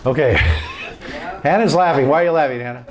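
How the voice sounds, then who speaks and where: A man's voice: mid-range voice, moderate pace, crowd noise. A man leading a Bible study as its pastor, in a casual, joking teaching style, quizzing the group and acting out bits of the story. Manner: animated, jokey, asks the group questions and acts out voices.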